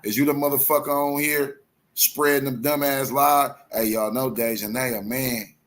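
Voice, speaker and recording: A man's voice: mid-range voice, fairly even intonation, moderate pace, a bit bright. A man hosting a live online show, ranting in heated casual commentary, profane and repetitive.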